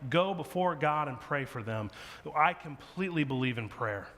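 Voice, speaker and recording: A man's voice: a little high, expressive, moderate pace, a bit bright. A man preaching a sermon, animatedly telling a story and acting out the dialogue of its characters. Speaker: pastor. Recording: long hall reverb.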